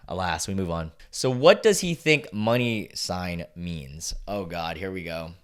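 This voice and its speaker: A man's voice: sits low, expressive, takes it slowly. A young man hosting a casual reaction video, reading posts aloud and reacting bluntly with frequent swearing.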